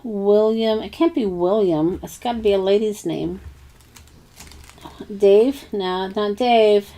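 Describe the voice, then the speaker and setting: A woman talks herself through a crafting project at an unhurried pace, pausing often with ums and murmured asides. Her voice sits at a medium pitch, and her tone is casual and thinking-aloud rather than presented. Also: mellow. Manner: musing, hesitant, many ums and self-talk. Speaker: craft channel host.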